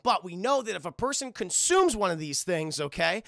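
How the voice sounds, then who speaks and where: A male streamer with a high, bright voice and a heavy gravelly fry rambles through an anime recap for his chat. He swears freely and keeps turning back to address his viewers. The dry sound sits close to the mic. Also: very animated, moderate pace, no room sound. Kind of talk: casual recap to live chat.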